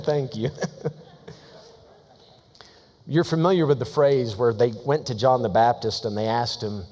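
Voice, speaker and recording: A man preaching a sermon as pastor, emphatic and lively, slowing down to read scripture aloud. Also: medium pitch. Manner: animated, laughing storytelling. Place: church sanctuary. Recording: long church hall reverb.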